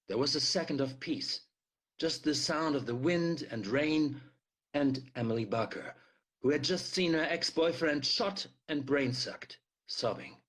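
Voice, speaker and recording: Brief: male reader, fairly high voice, lively storybook reading. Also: unhurried. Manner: expressive read-aloud with shouted dialogue. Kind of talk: reading a novel aloud.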